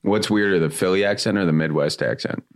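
A man's voice: low voice, quick pace. A man co-hosting a casual chat, curious and full of questions. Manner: curious, asks many questions.

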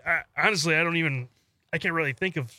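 A man's voice: on the high side, fast talker, pushed and bright, no room sound. A man co-hosting a radio talk show, giving short, slightly sheepish answers into a studio mic.

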